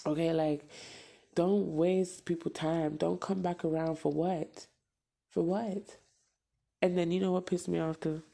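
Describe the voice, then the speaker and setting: Gravelly-voiced woman venting bluntly. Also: on the low side, steady tone, measured pace, dark tone. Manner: blunt, profane, emphatic repetition. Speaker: podcast host. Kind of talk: casual venting monologue.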